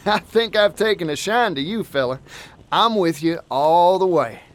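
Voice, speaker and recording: An actor voicing a cheerful, folksy young traveling merchant in a video game, with a drawling, upbeat manner. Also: male voice, high-pitched, expressive, a little slow, slight background noise. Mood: friendly. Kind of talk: game voice acting. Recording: game audio with music behind.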